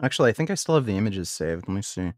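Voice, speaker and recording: A man streamer ranting in blunt, profane, scornful tones, with halting restarts when worked up. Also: lowish voice, sing-song, no echo, clean studio sound. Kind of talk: reaction stream rant.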